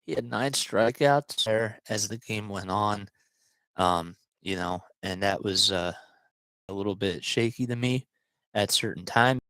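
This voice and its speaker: A man's voice: mid-range voice, no room sound. A man hosting a solo sports talk show, chatting casually and rambling a little as he restarts and digresses.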